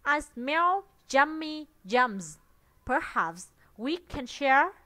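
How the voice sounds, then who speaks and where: A woman's voice: sits high, sing-song, very slow, pushed and bright, no room sound, full character voice. A woman reading as a friendly storybook badger. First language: Vietnamese. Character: friendly grinning badger sharing food.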